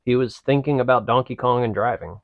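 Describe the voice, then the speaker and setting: A man's voice: medium pitch, creaky, no room sound, narrow, tinny audio. A man co-hosting a podcast, making wry, joking comments in casual banter. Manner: wry, joking asides, slow drawl. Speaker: podcast co-host.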